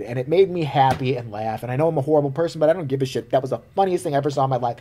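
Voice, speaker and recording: Vlogger ranting to camera, swears a lot, laughs a bunch, voice bouncing up and down. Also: medium pitch. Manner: animated, profane, laughs often. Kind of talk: casual rant to camera.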